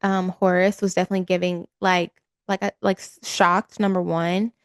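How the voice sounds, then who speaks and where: A woman's voice: fairly low pitch, flat delivery, normal speed, no echo, studio quality. A young woman co-hosting a podcast, casually walking through a list of characters with an easygoing "you know". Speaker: podcast co-host. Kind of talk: casual recap chat.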